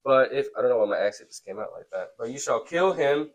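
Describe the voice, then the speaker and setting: US man, youth teacher, chatty, keeps asking "okay?", mid pitch. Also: very animated, moderate pace, low-quality recording. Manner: conversational, checks in with "okay?" often. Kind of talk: Bible class teaching.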